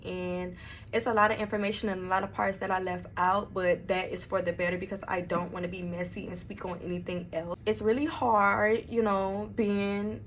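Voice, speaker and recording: A woman's voice: mid-range voice, fairly bright tone, slight background noise. A young woman vlogger, telling a storytime in a blunt, emphatic way and swearing freely. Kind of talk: storytime vlog.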